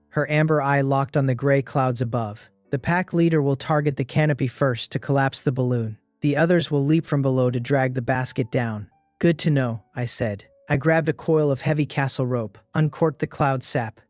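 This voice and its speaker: A man's voice: mid-range voice, darkish tone, no room sound, lightly acted. A man voicing a fierce, wounded young winged woman warrior who snarls and hisses at strangers. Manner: snarling, hissing, hostile.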